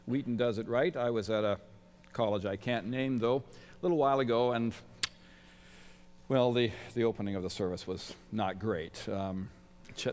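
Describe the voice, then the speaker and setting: A man's voice: mid-range voice, darkish tone. A middle-aged man giving a sermon as a guest chapel speaker, with wry, self-deprecating humor. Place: large college chapel. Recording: long reverb of a large chapel.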